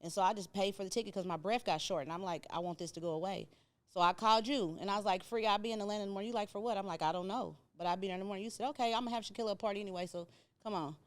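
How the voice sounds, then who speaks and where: Speaking at a very rapid clip in a medium-pitched voice, this Indiana guest on a podcast recounts her own story informally. She's middle-aged and lively, performing the quoted lines of others as she goes.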